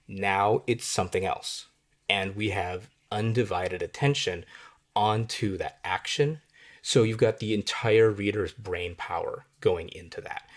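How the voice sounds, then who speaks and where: A man with a somewhat low voice teaches writing in a relaxed, conversational way. He keeps checking in with the listener and works through the points as he talks. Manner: conversational, often asks "right?". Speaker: writing instructor. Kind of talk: explanatory lesson on writing.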